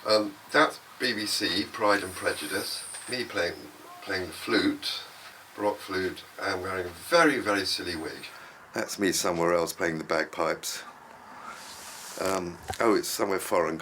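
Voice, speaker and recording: In a documentary interview, an older English musician tells rambling, chatty anecdotes and laughs easily. His low-pitched voice sounds pushed and bright, at a normal speed, and the documentary recording is noisy with ambient sound.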